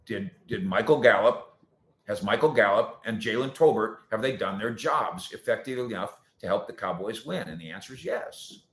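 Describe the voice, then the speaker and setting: A man hosting a sports talk show, answering viewer comments in an animated, sarcastic way that swings between loud points and quiet asides. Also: on the low side, normal speed. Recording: roomy echo.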